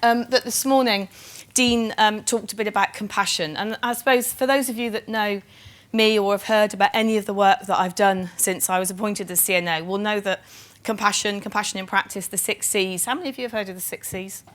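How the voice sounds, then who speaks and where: A woman's voice: medium pitch, steady tone, brisk. A middle-aged woman from Bristol with a Bristol accent, giving a conference keynote in a chatty, self-deprecating way with lots of ums. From England (Bristol). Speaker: chief nursing officer giving a keynote.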